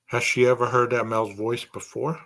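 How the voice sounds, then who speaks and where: A man's voice: mid-range voice, level tone, normal speed, a bit bright. A man hosting a true crime podcast, speculating aloud through a string of rhetorical questions.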